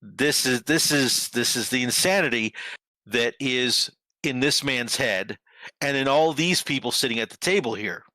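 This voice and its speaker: A man's voice: medium pitch, a little slow, pushed and bright, dry recording. A man hosting a political commentary show, talking sarcastically and emphatically over news clips.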